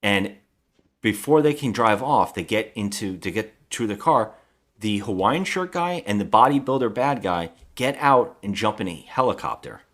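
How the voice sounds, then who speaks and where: Low-voiced guy on a podcast going on about a bad movie, super animated, swears a lot. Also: moderate pace. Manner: rambling retelling with acted-out quotes, swears. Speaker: podcast co-host. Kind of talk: casual movie recap chat.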